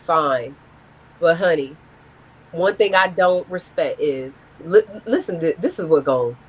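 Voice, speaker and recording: A woman's voice: deep voice, measured pace, husky, low-quality recording. A woman, a guest telling a blunt, profane story in a casual live-stream interview. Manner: candid, profane, animated storytelling.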